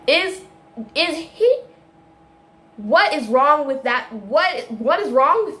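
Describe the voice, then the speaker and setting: A woman in a casual video, ranting about a film in a rambling, animated way, full of restarts and tangents. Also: sits high, slow. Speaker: video creator.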